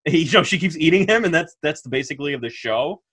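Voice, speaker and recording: A man co-hosting a podcast, chatting casually in an animated, rambling way and laughing often. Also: a little high, quick pace, breathy edge. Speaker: podcast co-host. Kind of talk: casual chat.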